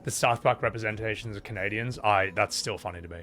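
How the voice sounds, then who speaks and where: A man's voice: lowish voice, quick pace, bright, forceful tone. A man casually commenting while playing a video game, chatty and swearing freely, laughing often. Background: game music.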